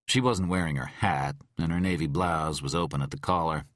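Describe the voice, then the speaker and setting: A man narrating a thriller audiobook in a measured, expressive read. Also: extremely low pitch, no room sound, studio quality. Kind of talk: scripted narration.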